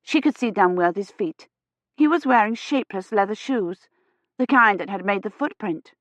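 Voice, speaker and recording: A woman reading a science fiction novel aloud in a measured, steady narration. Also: mid-range voice, dry recording. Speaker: audiobook narrator. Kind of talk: scripted narration.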